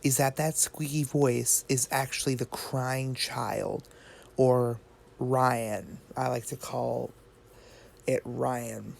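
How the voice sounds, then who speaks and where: Gravelly, slow-talking man sharing a game theory. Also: mid-range voice, fairly even intonation. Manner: rambling, thinking aloud with fillers and restarts. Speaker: gaming video creator. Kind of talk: casual game theory commentary.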